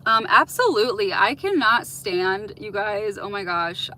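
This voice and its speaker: A woman's voice: medium pitch, animated, measured pace, pushed and bright, slight background noise, low-quality recording. A woman hosting a casual livestream, chatting with viewers and answering their comments with lots of "like" and "um". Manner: chatty, heavy use of "like" and "um"; open, reflective advice-giving. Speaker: livestream host.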